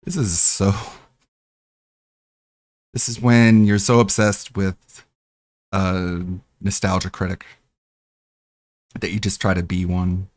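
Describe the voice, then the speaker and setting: A man's voice: low voice, flat delivery, slow, long pauses, darkish tone, no room sound, clean studio sound. A man streaming live, reacting to videos with mocking, scornful commentary and laughter.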